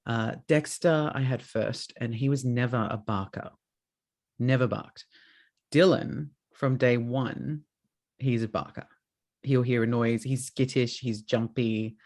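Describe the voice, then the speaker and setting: A man's voice: mid-range voice, steady tone, takes it slowly, a little mellow. A young man hosting a podcast, chatting casually and acting out his dogs with swearing and put-on voices. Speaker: podcast host. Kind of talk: casual chat.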